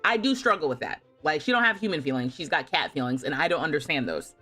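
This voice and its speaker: A woman's voice: sits low, expressive, fast talker, bright, forceful tone, soft background music. A woman in her thirties chatting casually on a livestream, telling stories with lots of laughter. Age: 30s. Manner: chatty storytelling, often laughing and mimicking her cat. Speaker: streamer.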